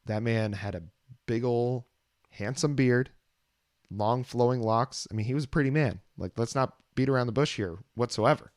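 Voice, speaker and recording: A man with a medium-pitched voice talks at a normal speed in clean, studio-quality audio with no room sound. He co-hosts a casual music podcast, reviewing an album in a laid-back, rambling way full of fillers and restarts.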